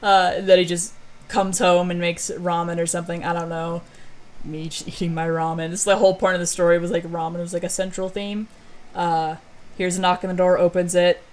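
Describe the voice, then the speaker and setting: A woman's voice: fairly low pitch, little pitch movement, brisk, a little mellow. A woman streamer and story author in casual chat, rambling and self-mocking, with casual swearing.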